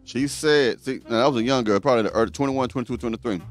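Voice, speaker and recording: Male host doing reaction commentary, blunt and preachy, mid-pitched voice. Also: racing, faint music behind.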